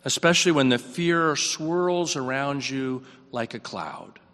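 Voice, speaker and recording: A male preacher delivers a sermon with a bright, forceful tone, reflective and earnest. His questions rise, then his voice sinks quiet. The sound rings with the long reverb of a church sanctuary. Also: medium pitch, slow.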